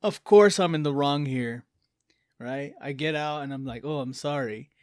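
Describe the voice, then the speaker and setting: A man's voice: fairly high pitch, normal speed, no echo, clean studio sound. A man co-hosting a casual podcast chat, telling stories bluntly and confidently. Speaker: podcast co-host.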